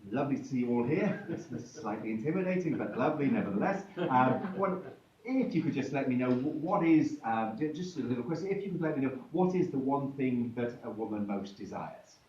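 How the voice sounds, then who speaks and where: A man's voice: mid-range voice, darkish tone, a little hiss or hum. A man telling a comic folk tale live to an audience, playful and chatty, breaking off to joke with the listeners. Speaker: storyteller. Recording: echoey room from far, dull sound with faint music.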